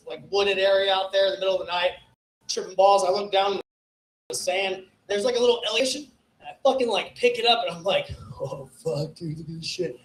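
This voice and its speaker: A man with a raspy, hoarse voice doing a profane, rambling stand-up set about drug trips at an open mic. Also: high-pitched, a little hiss or hum. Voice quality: raspy from festival flu. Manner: profane, rambling stoner storytelling. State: hoarse, coughing. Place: small comedy club stage. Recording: echoey club room.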